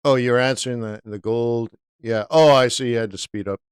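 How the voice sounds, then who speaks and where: A man's voice: medium pitch, steady tone, moderate pace, smooth, no echo, studio quality. A middle-aged man hosting a trading livestream, telling a long story in a laid-back, rambling way with lots of "dude" and "right?". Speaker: forex trading livestream host.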